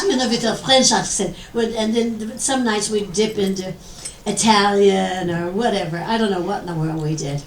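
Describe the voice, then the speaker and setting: A woman doing comic stage banter as a guest entertainer, joking bawdily with lively asides. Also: on the high side. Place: large club banquet room with audience. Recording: echoey room, far off, loud crowd and noise.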